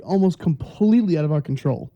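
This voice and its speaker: A man's voice: a little high, expressive, fast talker, lo-fi sound. A man co-hosting a comedy podcast, ranting in a profane, exasperated way in casual chat. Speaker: podcast co-host.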